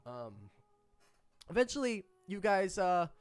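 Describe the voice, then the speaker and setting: A man's voice: high-pitched, sing-song, slow pace, smooth, no room sound. A man narrating as game master in a tabletop game, rambling with many restarts. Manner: rambling, frequent restarts and fillers.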